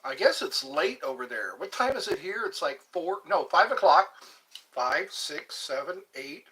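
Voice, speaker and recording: With lively intonation and a measured pace, a middle-aged man's slightly high, bright, forceful voice carries his livestream. Filming on a phone on a tripod, he rambles casually to young viewers and drifts into song snippets.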